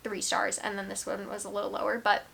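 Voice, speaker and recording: A woman's voice: mid-range voice, completely flat delivery, fast, creaky, fairly bright tone, husky. A young woman talking casually to camera about her books, rambling with lots of "like" and trailing restarts. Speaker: book vlogger. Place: at home.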